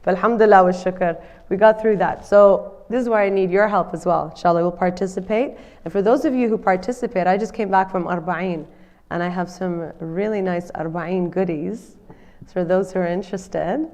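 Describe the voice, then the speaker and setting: A woman's voice: fairly low pitch, moderate pace, a little mellow. A woman counsellor giving a live presentation to an audience. She sounds nasal from a cold and talks in a friendly way, often checking in with the listeners. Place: community centre in front of an audience.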